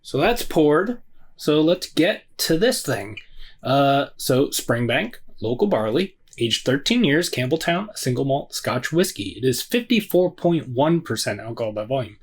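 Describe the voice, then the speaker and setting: A man's voice: medium pitch, big pitch swings, measured pace, slightly rough. A man hosting a casual solo whisky review, rambling and hesitant with plenty of fillers and self-deprecating asides.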